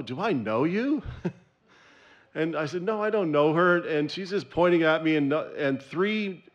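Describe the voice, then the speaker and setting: A man gives a candid, self-deprecating testimony about his recovery. His voice sits a little high for a man. The recording is dull and lo-fi. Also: fairly bright tone. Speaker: speaker sharing his recovery story. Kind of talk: personal testimony at a recovery meeting.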